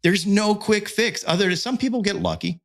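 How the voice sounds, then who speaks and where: This middle-aged pitching analyst and content creator chats as a guest in a casual podcast conversation, candid and emphatic, with restarts and fillers. His voice is high and fairly bright with vocal fry, and he talks a little fast.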